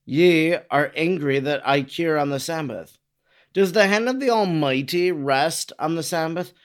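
A man reading the lines of an earnest male healer who rebukes his critics in slow, solemn questions. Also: fairly high pitch, natural voice. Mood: admonishing. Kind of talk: dramatic reading of dialogue.

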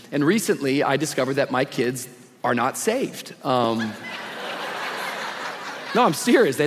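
High-voiced casual man preaching in a hall. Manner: casual and slangy, preaching with energy. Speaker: guest pastor. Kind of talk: live sermon. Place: church sanctuary with a congregation. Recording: long reverb of a big hall.

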